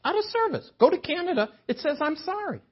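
A man's voice: extremely high pitch, sing-song, fast, muffled recording. An older man preaching a sermon in a chapel, joking with the congregation. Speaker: guest preacher. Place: chapel sanctuary.

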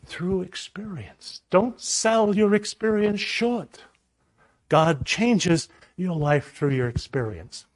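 A man preaching a sermon, telling a personal story in a lively way and acting out the voices in it. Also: high-pitched, takes it slowly, no echo. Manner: animated storyteller, acts out voices.

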